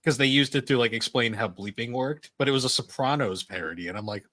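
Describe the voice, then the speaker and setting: A man's voice: medium pitch, quick pace, a bit bright. A man co-hosting a podcast in casual chat, rambling and laughing at his own jokes. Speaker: podcast co-host.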